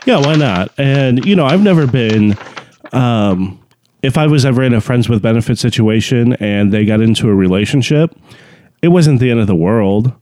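A man's voice: mid-range voice, expressive, moderate pace, a little mellow, dry recording. A man co-hosting a podcast in casual chat, blunt and laid-back, with lots of "you know" fillers. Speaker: podcast co-host.

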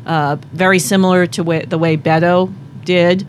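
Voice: mid-range voice, flat delivery, moderate pace, slight background noise. A communications coach guest on a podcast, thoughtfully analyzing a speaker's voice. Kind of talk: casual chat. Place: podcast studio.

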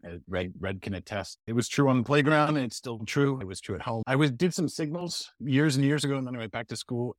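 A man in his fifties from Canada talks fast and a little low, teasing himself as a podcast guest. The recording is dry and close, with no room sound. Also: dry recording. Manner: quick, joking, self-deprecating. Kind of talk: casual podcast conversation.

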